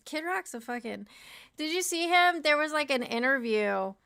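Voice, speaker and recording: A woman's voice: high-pitched, animated, normal speed, gravelly, a bit bright, no room sound, clean studio sound. A tired young woman chatting casually to her livestream chat, laughing often and swearing freely.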